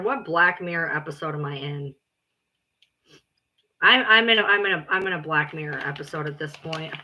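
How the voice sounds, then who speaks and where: A woman livestreaming and chatting casually, blunt, exasperated and quick to swear. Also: lowish voice, sharp tone.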